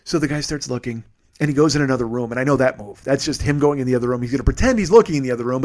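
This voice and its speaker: Profane, animated man telling a story. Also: mid-range voice, very fast. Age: 40s. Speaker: comedian podcast host.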